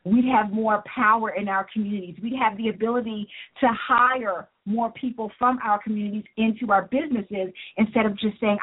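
A woman's voice: medium pitch, fairly even intonation, brisk, hardly any pauses, husky. A woman business coach and author, speaking earnestly and motivationally as an interview guest. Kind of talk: interview guest on a talk show. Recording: tinny phone-line sound.

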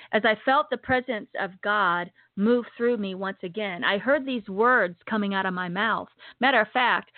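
A woman's voice: medium pitch, no room sound. Earnest woman giving testimony, phone-like. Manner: earnest, repetitive, slows down for emphasis. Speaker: speaker giving a religious testimony. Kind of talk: emotional personal testimony. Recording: dry tinny phone-like sound.

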